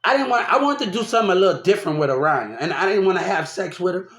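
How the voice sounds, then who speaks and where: Loud, high-voiced man. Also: racing. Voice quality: loud, animated, laughs often while talking. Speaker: vlogger telling a personal story. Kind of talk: casual rambling monologue. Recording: echoey room.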